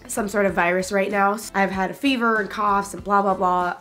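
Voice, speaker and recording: A young woman in her twenties chats openly to her viewers. Her voice is hoarse and raspy from a recent illness and sounds a little like a smoker's. Soft music plays faintly behind her. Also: mid-range voice, fairly even intonation, a little fast. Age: 20s. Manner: chatty and candid, with small laughs. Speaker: YouTuber. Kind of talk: casual vlog talk to camera.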